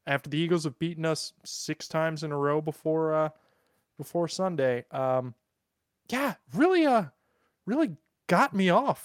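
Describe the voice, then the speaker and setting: Male podcast co-host, high-ish voice, dry sound, crude self-deprecating banter. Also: no echo. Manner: crude, self-mocking joking. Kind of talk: casual podcast chat. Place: in Europe.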